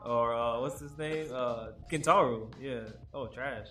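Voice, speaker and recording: A man's voice: mid-range voice, unhurried, fairly bright tone, soft background music. A young man co-hosting a podcast in casual chat, rambling and laughing as he acts out quotes. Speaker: podcast co-host.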